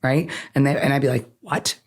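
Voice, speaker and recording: An earnest woman lawyer, born in Iran, talks through her experiences as a podcast guest. She speaks in an animated, conversational way and keeps checking in with "right?" after her points. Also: very deep voice, brisk. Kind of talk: conversational interview.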